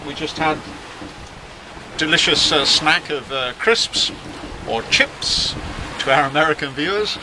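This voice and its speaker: A man's voice: fairly high pitch, moderate pace. A middle-aged man chatting wryly in a casual video diary from the deck of a sailing yacht at sea. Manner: chatty, wry, self-mocking. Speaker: yacht skipper vlogging at sea. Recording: wind and wave noise on deck.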